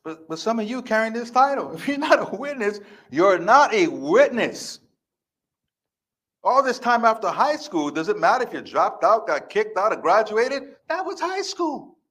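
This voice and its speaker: A man in his fifties speaking on stage as a life coach, with a slightly high voice. He delivers an emphatic, repetitive motivational speech in a defiant tone. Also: very animated, moderate pace, a bit bright. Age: 50s. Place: stage before a live audience.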